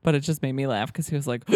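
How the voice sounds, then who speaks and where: A woman's voice: a bass voice, a little mellow, dry recording. A woman chatting about a film, laughing often and filling her talk with "like." The sound is dry and close. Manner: giggly, lots of "like" fillers. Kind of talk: casual chat reviewing a film.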